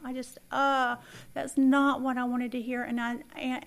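A middle-aged woman teaching a faith lesson, telling a personal story with lively acted-out dialogue. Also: fairly high pitch, normal speed. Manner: animated storyteller who acts out quoted dialogue. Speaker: Bible study teacher.

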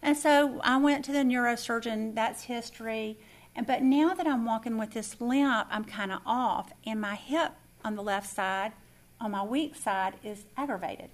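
A middle-aged woman teaching a faith lesson, telling a personal story with lively acted-out dialogue. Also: on the high side, moderate pace. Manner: animated storyteller who acts out quoted dialogue. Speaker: Bible study teacher.

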